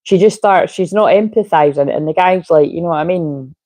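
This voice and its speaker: A woman's voice: fairly low pitch, brisk, mellow, dry recording. A woman giving a casual, rambling tarot reading, drifting off topic and swearing now and then. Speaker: tarot reader.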